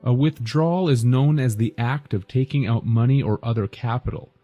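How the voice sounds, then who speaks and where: A man reads a prepared narration in a steady, lecturing way. His voice is dark and mellow, and soft music plays quietly underneath. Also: mid-range voice, normal speed, dry recording, dull audio. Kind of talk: scripted narration.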